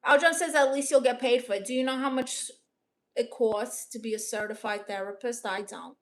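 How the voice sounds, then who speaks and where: Deadpan, sarcastic woman livestreamer. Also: on the high side, moderate pace. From Brooklyn, New York. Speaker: livestream host reading chat. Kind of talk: casual livestream chat. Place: home in Los Angeles.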